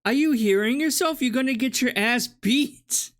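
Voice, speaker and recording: A man's voice: very high voice, normal speed, fairly bright tone. A man hosting a reaction video, talking back at a clip with mocking, combative sarcasm and plenty of swearing. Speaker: reaction channel host.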